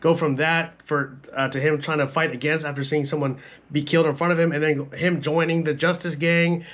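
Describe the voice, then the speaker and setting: A man's voice: fairly high pitch, little pitch movement, fairly quick, a bit bright. A young man giving a casual, profane film review, talking bluntly and filling his sentences with "like" and "bro.". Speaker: movie reviewer.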